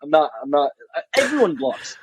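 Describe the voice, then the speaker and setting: In a casual interview, a young adult college athlete guest tells a story frankly and bluntly, swearing freely and often starting sentences over. His slightly high voice has a sing-song quality and a somewhat fast pace, and the dull, dry recording carries slight background noise.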